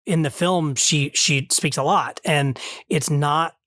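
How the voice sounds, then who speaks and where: Male podcast host, slightly high voice, earnest and thinking aloud, dry close sound. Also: fairly even intonation, slow pace, fairly bright tone, no echo. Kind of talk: casual review chat.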